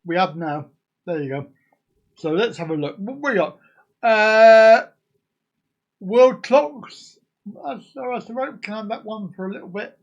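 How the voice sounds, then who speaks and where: A man's voice: high-pitched, slow pace, pauses often, dull audio. A man hosting a casual live stream, rambling and joking as he chats to his viewers. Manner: jokey, rambling, sings and laughs along.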